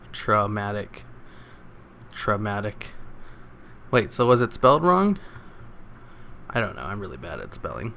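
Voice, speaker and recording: Man, mid-pitched voice, reads online comments aloud, casual and sarcastic, slight hiss behind. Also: fairly bright tone. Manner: casual, sarcastic reading with chuckles. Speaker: reader of online posts. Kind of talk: reading forum comments aloud.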